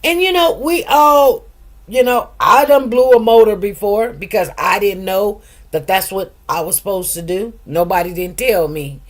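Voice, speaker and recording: Hosting a casual livestream at normal speed, a middle-aged woman talks in a mid-range voice directly to her listeners. She's chatty and emphatic, with frequent asides sprinkled throughout.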